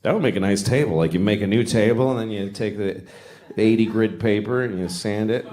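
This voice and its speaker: A man's voice: lowish voice, a little fast, mellow. A man in his forties from Boston doing stand-up comedy in a rambling, conversational, self-mocking way on stage. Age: 40s. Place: stage of a large comedy venue. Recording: echoey live venue.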